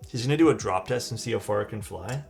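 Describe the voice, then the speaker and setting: A man's voice: lowish voice, creaky, darkish tone. A young man chatting loosely with viewers while building a keyboard on a live stream, rambling and swearing casually.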